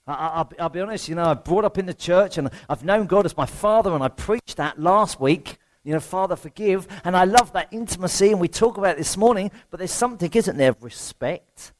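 Preacher, higher-pitched man. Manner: rhetorical questions, self-deprecating humour. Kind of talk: conversational sermon.

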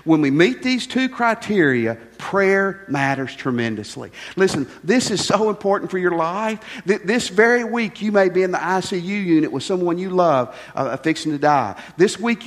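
An older man preaching a folksy, conversational sermon, full of rhetorical questions to the congregation. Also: high-pitched. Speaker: pastor. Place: church sanctuary. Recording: long reverb of a church hall.

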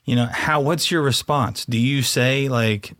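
Dry-voiced dad on a parenting panel. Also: male voice, medium pitch, fairly bright tone, no room sound. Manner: thoughtful, measured, slows to stress key words. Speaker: podcast co-host, father of boys. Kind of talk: casual panel discussion.

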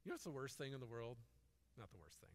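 A man's voice: medium pitch, big pitch swings, quick pace, in a large hall. A man preaching a sermon in a conversational, storytelling way. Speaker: pastor.

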